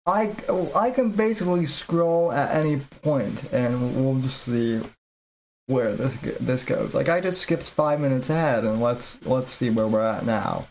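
A male podcast host giving casual commentary on video clips, halting and repeating his words as he goes. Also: mid-range voice, a little mellow, slight background noise. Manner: halting, repeats words, slow to get going.

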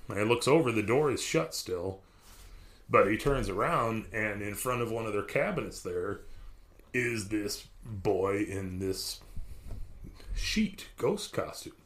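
A man's voice: lowish voice, lively intonation, takes it slowly, fairly bright tone. A man casually telling a spooky story on a podcast, rambling and profane, often restarting his sentences.

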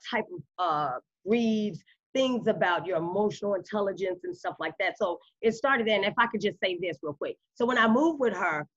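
Husky woman telling a story animatedly. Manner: animated, acts out quoted dialogue with big pitch jumps. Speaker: guest. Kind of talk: casual interview storytelling. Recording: slightly dull lo-fi audio.

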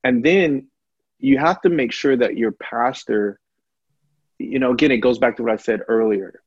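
Black pastor guy talking real passionate, husky voice, kinda muffled dry sound. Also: expressive, moderate pace, no echo. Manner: impassioned, rising loud and high when stirred. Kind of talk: candid conversation.

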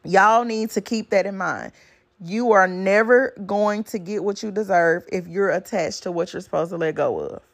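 A podcast host with a medium-pitched voice speaks straight to her listeners in a casual motivational monologue. She's blunt and preachy, swearing through her advice and hammering each point home with a repeated "okay?"

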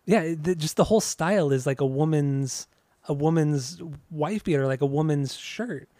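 A man's voice: a little high, normal speed, dark tone, dry recording. A man co-hosting a casual music podcast, trading joking, teasing banter. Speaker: podcast co-host.

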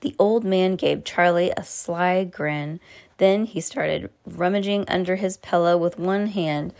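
A woman's voice: lowish voice, a little slow, gravelly, a little mellow. A woman hosting a podcast, reading a children's book aloud with chatty, playful asides to a child. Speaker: podcast host reading to kids.

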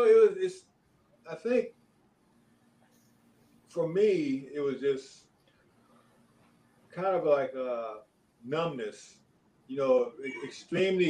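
An older man, a former pro basketball player, telling stories in a relaxed interview, rambling with many fillers and chuckles. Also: a little high, rough recording. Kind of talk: casual interview storytelling.

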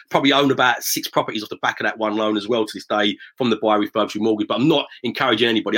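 A middle-aged man from near Romford, telling property-investing stories as an interview guest in a lively, anecdotal way. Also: mid-range voice. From south-east England, near Romford. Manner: lively anecdotal, acts out quoted voices. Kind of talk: casual storytelling interview.

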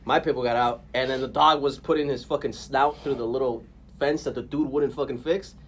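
A man's voice: mid-range voice, steady tone, fairly quick, a little hiss or hum. A young man in casual podcast chat, rambling through profane stories.

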